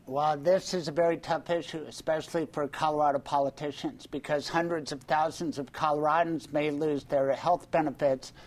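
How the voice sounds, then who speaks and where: A man who hosts a radio show, giving measured, analytical political commentary on a panel. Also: on the high side, fairly even intonation.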